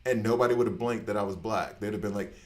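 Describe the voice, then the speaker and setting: A man hosting a gaming channel, talking in a blunt, animated rant that swears casually and trails off mid-thought. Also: lowish voice, quick pace, faint music behind. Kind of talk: casual ranting chat.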